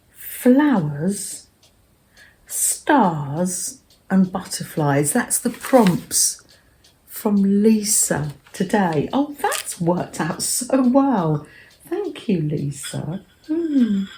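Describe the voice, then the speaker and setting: An older English woman hosting a cozy craft vlog, talking in a gentle, rambling way that often drops to a soft murmur. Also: medium pitch, very animated, drawn-out words, slight background noise. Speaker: craft vlogger.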